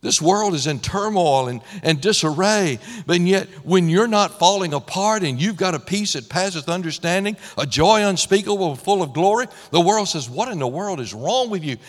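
A man preaching a sermon with impassioned, rising and falling emphasis, his voice going hoarse. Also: high voice, lively intonation, moderate pace, few pauses, in a large hall. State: losing his voice. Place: church sanctuary.

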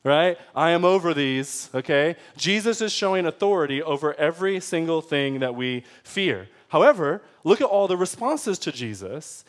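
A man's voice: a little high, big pitch swings, moderate pace, few pauses. A man preaching a sermon in a conversational way, often checking in with his listeners and acting out pleading voices. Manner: acts out pleading voices with rising intensity. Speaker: pastor.

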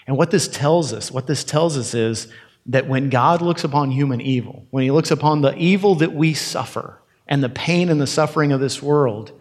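A man's voice: medium pitch, moderate pace, darkish tone, big-room sound. A man preaching a sermon as pastor, talking conversationally and acting out quoted lines.

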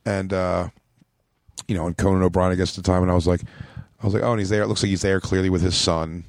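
A low-voiced American man, a comedian, tells a long story on a casual podcast. He rambles, swears freely, and bumps his voice up when he quotes people. The sound is dry and close. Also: little pitch movement, quick pace, creaky, no room sound. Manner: rambling, profane, acts out quotes in a raised voice.

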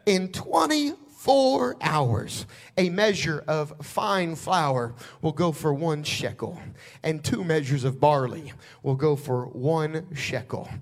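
A man voicing an old male prophet who speaks slowly and solemnly in a deep, calm tone. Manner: slow, solemn, deliberate.

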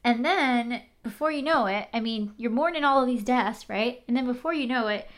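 A woman in casual recap chat, animated, swearing and using many fillers. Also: on the high side, normal speed.

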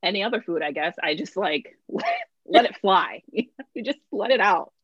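A woman's voice: medium pitch, big pitch swings, moderate pace, a bit bright, husky, no echo, dull audio. A young woman telling a personal story in casual podcast chat, talking in a rambling way with lots of fillers and restarts. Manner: chatty, lots of "like" and restarts, laughs through stories.

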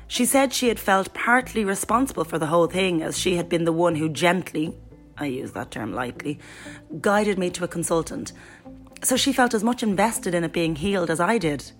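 Lower-voiced woman reading a personal story. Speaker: guest reader voicing a friend's blog. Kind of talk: scripted first-person narration.

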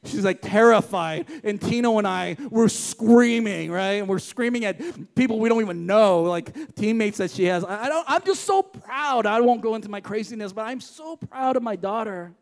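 A man's voice: high-pitched, lively intonation, moderate pace, vocal fry, hardly any pauses. A middle-aged man preaching a sermon in church, passionate and emphatic, repeating key lines for weight. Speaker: pastor.

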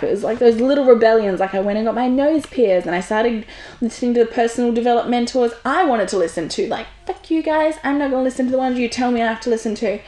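A woman's voice: mid-range voice, darkish tone. A woman hosting a podcast, talking in a frank, candid monologue and swearing freely. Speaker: podcast host. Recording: roomy echo.

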